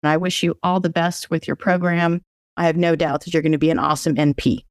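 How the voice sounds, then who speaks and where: A woman co-hosting a podcast, speaking sincerely and gently about personal things. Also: sits low, flat delivery, fast, dry recording, studio quality. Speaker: podcast co-host. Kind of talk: casual podcast chat.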